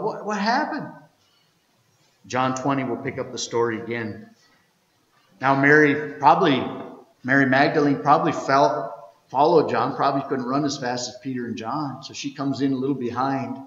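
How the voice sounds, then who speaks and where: Pastor preaching in an echoing church. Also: male voice, medium pitch, normal speed, muffled recording. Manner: storytelling, reading scripture aloud with sudden swings from loud to hushed. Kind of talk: Easter sermon. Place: church sanctuary.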